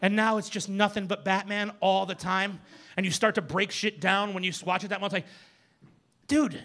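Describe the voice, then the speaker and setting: Ranting stand-up comic, high bright voice. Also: male voice, level tone, brisk. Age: 40s. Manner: loud, ranting delivery with mocking asides. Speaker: stand-up comedian. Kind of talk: stand-up comedy set. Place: comedy club stage with audience. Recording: live club recording with faint crowd.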